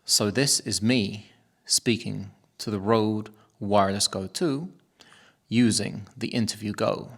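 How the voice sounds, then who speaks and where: Low, gravelly man reviewing gear. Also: slow. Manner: enthusiastic, playful demo talk. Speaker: tech reviewer. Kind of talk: product review vlog.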